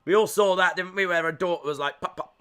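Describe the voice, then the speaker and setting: A man's voice: high voice, quick pace, pushed and bright, clear, resonant tone. An English man with a Midlands accent hosting a live watch-along stream, reading chat aloud and teasing viewers with jokes. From England. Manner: joking, teasing banter.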